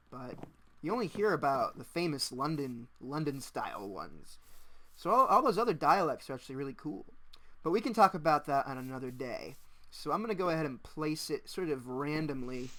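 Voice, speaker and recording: A young man talks through his gameplay in a relaxed, chatty way, recorded on a desk mic at his computer. His voice is bright and fairly high, and it swings widely in pitch as he gets excited and laughs easily. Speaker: gaming channel host. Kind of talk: casual let's-play commentary.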